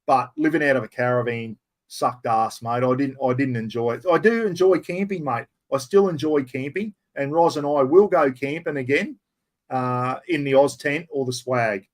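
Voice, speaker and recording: This older Aussie bloke answers questions from his live-stream chat, speaking bluntly, cursing offhandedly and addressing everyone as mate. He talks at a moderate pace in a mid-range voice.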